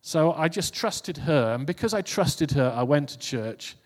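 Unhurried and with lively intonation, a male preacher with a fairly high voice delivers an informal sermon. He addresses the congregation conversationally, repeating and restarting his phrases, in a space with long hall reverb.

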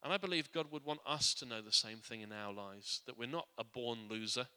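A man preaching in a church, his voice very bright and forward, with a long reverb ringing around the hall. He speaks earnestly, often restarting and repeating words, and sinks quiet and soft on his reflective points. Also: medium pitch, a little fast, clear, resonant tone. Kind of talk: sermon.

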